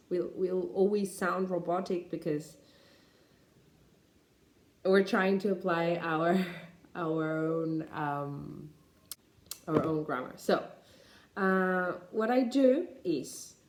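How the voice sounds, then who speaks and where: Spanish-accented woman teacher, slow and echoey. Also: on the low side. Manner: unhurried, with many fillers and restarts. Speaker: English teacher. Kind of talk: explaining pronunciation tips.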